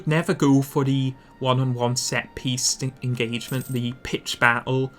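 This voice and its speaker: In instructional gameplay commentary for a strategy game, a man with a mid-range, fairly bright voice lays out his plans. He thinks aloud and fixes his mistakes as he goes.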